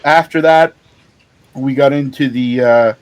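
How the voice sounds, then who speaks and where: The man speaks a little slowly in a medium-pitched, steady voice. Co-hosting a podcast, he describes a show with lively storytelling in casual chat, swearing openly and laughing often.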